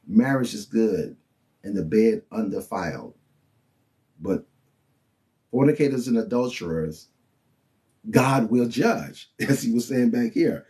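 Taking his time with long pauses, a preacher delivers a casual sermon in a laid-back, mellow voice. His talk is loose, he checks in with listeners often, and quoting others sends his pitch jumping upward.

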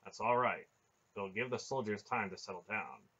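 A calm, wise old man from a fantasy storybook, giving steady orders without fuss, as a man reads him. The voice is low and husky. A dull, lo-fi recording carries it. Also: moderate pace. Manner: calm, matter-of-fact.

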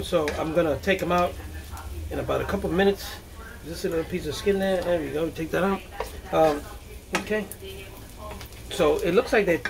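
A man's voice: high voice, creaky. A man hosting a home cooking video, chatting casually and thinking aloud as he works in his kitchen. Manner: chatty, thinks aloud, frequent okays and restarts.

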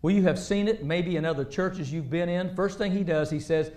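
A male preacher delivering a sermon in a high-pitched voice. He talks in an animated way, pressing points hard and then dropping to quiet asides. The sound rings around an echoey church sanctuary. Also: moderate pace. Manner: animated, rising and dropping between loud emphasis and quiet asides.

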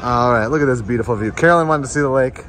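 A man's voice: mid-range voice, racing, a bit bright, slight background noise. A man hosting a casual travel vlog, upbeat and chatty, laughing often. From Florida. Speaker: vlog host.

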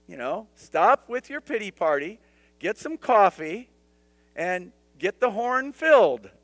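A man with a somewhat high voice teaches a Bible study like a friendly pastor. He talks conversationally, drops in jokes and acts out the scripture voices. The sound is dry and close, with no room echo. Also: sing-song, takes it slowly, fairly bright tone. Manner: conversational, with humorous asides and dramatized scripture voices.

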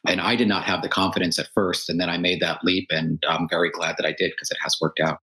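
A man's voice: low-pitched, level tone, quick pace, few pauses, bright, forceful tone, poor audio. A man, a tour business owner, telling his story in a casual podcast interview and acting out what his friends said. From United States. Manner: earnest storytelling, acts out quoted friends.

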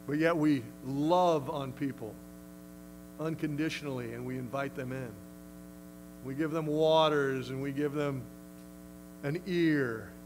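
A man's voice: fairly high pitch, steady tone, measured pace, pauses often, darkish tone, slight background noise, low-quality recording. A male pastor preaching a sermon in an emphatic, conversational way. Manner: emphatic, conversational, acts out quotes.

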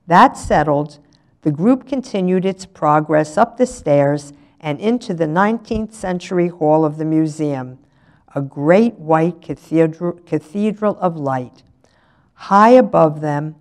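Unhurried older woman reading a novel. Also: sits low, a little mellow. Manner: measured, unhurried. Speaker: resident reader.

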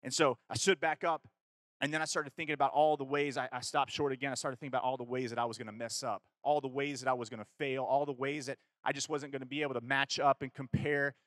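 A man's voice: medium pitch, quick pace, no room sound. A man from Kentucky speaking to a youth audience, telling a personal story casually, with fillers and acted-out dialogue. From Kentucky, USA. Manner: animated storyteller who acts out dialogue; casual, with fillers and self-corrections.

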